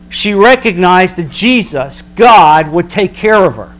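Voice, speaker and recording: A man preaching a sermon as a pastor, emphatic, slowing down for dramatic weight. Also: high voice, expressive, a bit bright.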